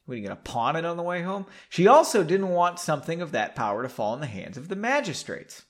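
A man's voice: fairly high pitch, sing-song, fast. A man hosting a podcast, reading a story aloud and breaking in with sarcastic, mocking asides. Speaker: podcast host.

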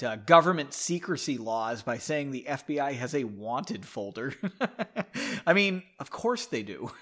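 A man's voice: fairly high pitch, pushed and bright. Rambling, swearing man reading aloud. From United States. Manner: rambling, swears and comments between passages. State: drinking whiskey. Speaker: reader of a book. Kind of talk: casual read-aloud with asides.

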